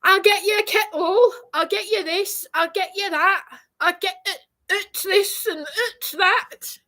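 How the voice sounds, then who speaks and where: A fawning, falsely friendly property manager speaks in an exaggerated Northern English lilt. The voice sits high and bright, with a sneering sing-song tone, as a woman mocks him. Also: moderate pace. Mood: mocking.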